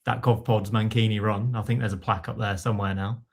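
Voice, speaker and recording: A man's voice: fairly low pitch, flat delivery, fast talker. A man hosting a football podcast, steering the chat in a wry, teasing way. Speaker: podcast host. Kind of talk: casual chat.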